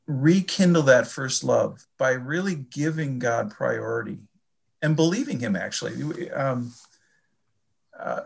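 An older man from the Chicago area, talking about faith in a reflective, halting way and often repeating his words. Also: mid-range voice, lively intonation, vocal fry, slightly rough. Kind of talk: casual faith conversation.

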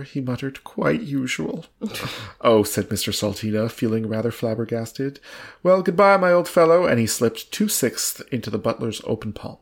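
A man reading an old book aloud, stumbling over words and laughing at the text. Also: mid-range voice. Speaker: reader.

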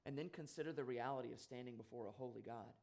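A man preaching a sermon in an earnest way, rising louder on key points and dropping soft on sad ones. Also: medium pitch, quick pace, vocal fry.

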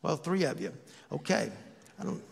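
An older male pastor preaching a sermon in a conversational way, full of rhetorical questions to the congregation. His voice sits a little high for a man, and a long church reverb trails after his words. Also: animated, normal speed, creaky, husky. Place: church sanctuary.

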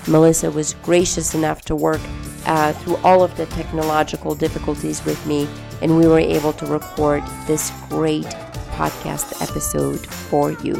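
Woman podcast host from Afghanistan, low and a bit gravelly, folksy and enthusiastic, faint music bed. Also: flat delivery, normal speed. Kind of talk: podcast introduction monologue.

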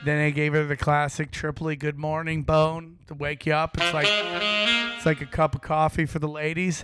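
A man's voice: fairly high pitch, steady tone, normal speed. A man, a comedian guest, telling a brash, boastful story in a podcast chat while saxophone plays underneath. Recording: saxophone music playing behind.

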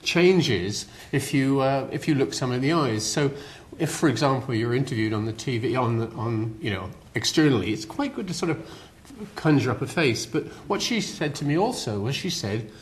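A man's voice: mid-range voice, animated, moderate pace. An older man with a West Country accent giving a public lecture in a hall, chatty and self-deprecating, with fillers and restarts. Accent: West Country English. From West Country of England. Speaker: guest lecturer.

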